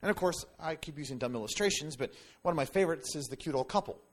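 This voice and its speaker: With a slightly high voice, this male pastor preaches animatedly and talks to his congregation almost like a conversation. He tosses in jokes and brief asides as he goes.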